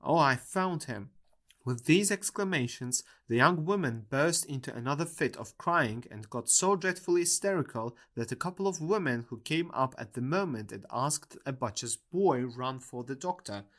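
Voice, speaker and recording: A man narrates a classic novel in a steady, measured storytelling manner. His voice sits at an ordinary male pitch. The reading is an audiobook. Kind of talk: scripted narration.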